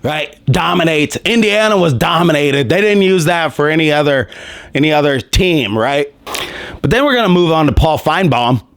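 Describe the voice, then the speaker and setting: A man's voice: on the high side, lively intonation, normal speed, dry recording. A man hosting a sports commentary show, ranting in a heated, mocking, profane way, his voice strained and worn.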